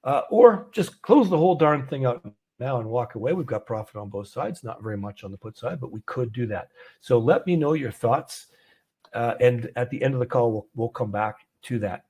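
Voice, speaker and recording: This is a man hosting a live market webinar, heard through a video-call mic. His voice has a slightly husky edge, and he talks in a loose, unpolished way. He thinks aloud as he goes, with plenty of fillers and restarts. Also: mid-range voice, expressive, moderate pace, dark tone. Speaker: host of a trading webinar. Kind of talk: live conversational market talk.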